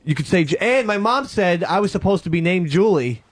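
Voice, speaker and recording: A man's voice: high voice, expressive, a little fast, no echo. A man chatting on a talk radio show, earnest and hesitant, often restarting his sentences. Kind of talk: casual talk radio banter.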